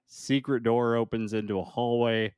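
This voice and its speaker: A man's voice: mid-range voice, fairly even intonation, normal speed, darkish tone, smooth, no room sound. Podcast guy, average voice, laughs a lot, walks through the plot, dead dry sound. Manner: laughs often, recaps plot. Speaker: podcast co-host. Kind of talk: casual movie discussion.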